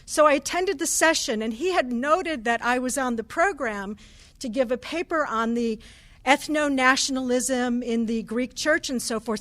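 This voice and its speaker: A middle-aged woman, a professor, giving a conference lecture in a conversational academic manner, with fillers and restarts. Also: sits high. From United States. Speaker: guest speaker, professor of anthropology. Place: cathedral hall.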